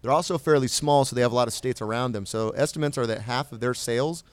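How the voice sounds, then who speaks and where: A man hosting a casual beer podcast, rattling off statistics with fillers and quick laughs. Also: medium pitch, no room sound. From California. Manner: reads stats with fillers and laughs. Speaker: podcast host. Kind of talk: casual chat.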